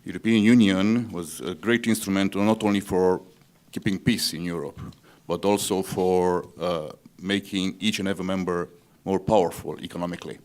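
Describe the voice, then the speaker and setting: A man, a diplomat giving a measured, formal answer on a conference panel. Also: sits low, fairly even intonation, darkish tone. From Romania. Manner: measured and formal, policy-minded.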